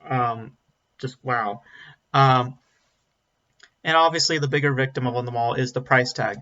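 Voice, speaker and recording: Male film reviewer, bright forceful voice, blunt and rambling, slightly dull lo-fi audio. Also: mid-range voice, steady tone, unhurried. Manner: blunt, rambling, frequent ums and restarts. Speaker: movie reviewer. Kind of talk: casual spoken film review.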